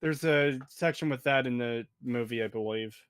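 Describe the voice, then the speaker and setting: A man's voice: medium pitch, normal speed, a bit bright, smooth, no echo, clean studio sound. A man co-hosting a stream, talking casually and hesitantly with many fillers. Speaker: co-host reading donations. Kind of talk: casual chat.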